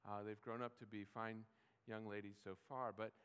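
A man's voice: lowish voice, flat delivery, moderate pace, a bit bright, clear, resonant tone. Man, middle-aged, pastor, sermon, conversational, rhetorical questions, reverberant church hall.

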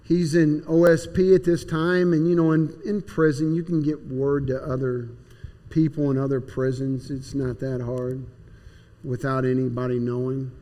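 A man's voice: medium pitch, flat delivery, normal speed, mellow. A man plainly and earnestly telling his personal testimony. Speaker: speaker giving personal testimony. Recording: long hall reverb.

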